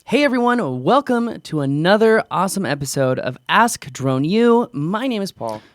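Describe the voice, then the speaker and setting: A man hosting a drone podcast, talking in quick, excited bursts in casual chat. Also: high-pitched, no echo, studio quality, faint music behind. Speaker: podcast host.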